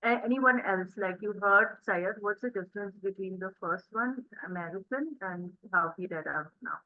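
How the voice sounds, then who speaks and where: A woman's voice: medium pitch, moderate pace, dry recording, narrow, tinny audio. A woman teaching an interactive spoken English class, explaining patiently and encouraging her students. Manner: encouraging, explanatory, many fillers.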